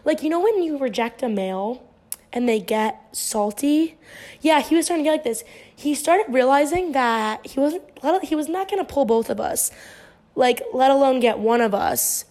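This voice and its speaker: A woman's voice: sits high, expressive, normal speed, darkish tone. A woman in her twenties, a podcast host telling a story in casual chat, rambling and swearing freely. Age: 20s. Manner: profane, rambling, heavy use of "like".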